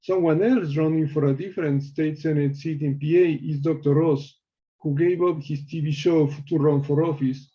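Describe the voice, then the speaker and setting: A man calling into a show, reading measured prepared commentary with small slips. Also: fairly high pitch, steady tone, muffled recording. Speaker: caller.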